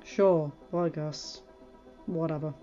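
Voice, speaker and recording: A woman's voice: low-pitched, slow, highs cut off, faint music behind, pitched below the performer's own voice. Woman doing a grumpy, terse male troll. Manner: flat, terse, reluctant.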